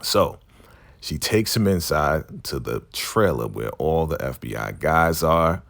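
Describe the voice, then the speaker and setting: A man casually recapping a TV episode in an animated way, acting out the characters' lines. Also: extremely low pitch, slow, gravelly. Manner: animated retelling, acts out quotes, laughs often. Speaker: TV recap vlogger.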